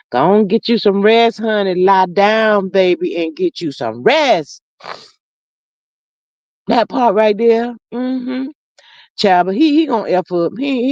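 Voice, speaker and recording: A woman's voice: mid-range voice, a little mellow, no room sound, dull audio. A woman hosting a casual livestream, reading viewers' comments aloud and chatting with them affectionately, calling them honey and child. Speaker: livestream host reading chat.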